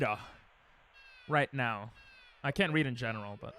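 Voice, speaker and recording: A man's voice: mid-range voice, animated, takes it slowly, long pauses, a bit bright, slight background noise. A young man streaming a speedrun at home, rambling and joking with his chat as he plays. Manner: rambling, joking, talks to chat while playing. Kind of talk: casual live-stream chat while speedrunning.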